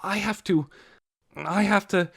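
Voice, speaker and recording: Guy voicing a jittery teen boy in a rush, kinda high. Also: gravelly, fairly bright tone, husky, exaggerated voice. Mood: urgent. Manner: hurried, breathless urgency. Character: urgent agitated teenage boy.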